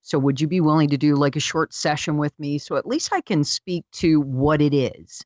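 A man hosting a radio interview, casual and affirming, giving quick reactions. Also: on the high side, no room sound, dull audio. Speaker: radio host.

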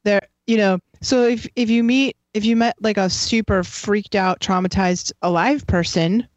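A woman's voice: mid-range voice, steady tone, a little slow, dry recording. A woman who teaches psychic students, talking in a chatty, rambling way with many fillers. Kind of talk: casual conversation. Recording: dry, slightly dull sound.

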